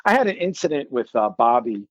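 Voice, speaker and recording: A man in his forties, a guest musician, telling stories in a rambling, animated way, full of filler likes and restarts. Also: medium pitch, a little fast, no room sound. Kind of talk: casual storytelling. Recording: slightly dull, dry recording.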